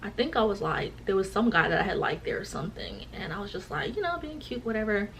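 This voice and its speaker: A woman's voice: medium pitch, fast, a little hiss or hum, low-quality recording. A young woman, telling a personal story in a casual vlog chat and acting out the voices of the people in it. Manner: animated, acts out quoted voices. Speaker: vlogger.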